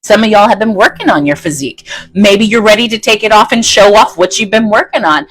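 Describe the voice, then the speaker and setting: A woman's voice: medium pitch, brisk, dry recording, rough recording. A woman giving a chatty, folksy tarot reading to her viewers, often checking in with "okay?". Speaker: tarot reader.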